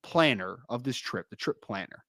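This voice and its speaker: A man's voice: medium pitch, animated, normal speed, pushed and bright, dry recording, studio quality. A man with a South Jersey accent co-hosting a casual podcast, chatty and prone to repeating himself. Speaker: co-host.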